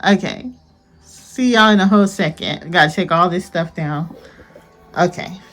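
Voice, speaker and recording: A woman's voice: lowish voice, measured pace, fairly bright tone, soft background music. A young woman, narrating a casual home vlog, chatty, laughing often and talking to her viewers. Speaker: family vlogger.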